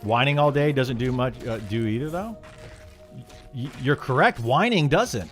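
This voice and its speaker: Guy streaming, answering chat, bouncy up and down voice, blunt opinions, lots of restarts, quiet music behind. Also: medium pitch, expressive, unhurried. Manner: frank and opinionated, reads chat aloud then answers; restarts and stammers when heated. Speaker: game streamer.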